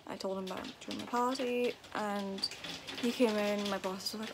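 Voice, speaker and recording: A woman's voice: mid-range voice, steady tone, normal speed, background noise. An eighteen-year-old woman venting in a casual vlog, swearing and ranting with frustration. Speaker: vlogger.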